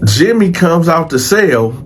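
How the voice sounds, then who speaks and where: Man storyteller, animated lively pitch, slightly high voice, casual and profane, faint background noise. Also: a little slow. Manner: animated, addresses viewers as y'all. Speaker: host. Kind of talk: storytelling vlog.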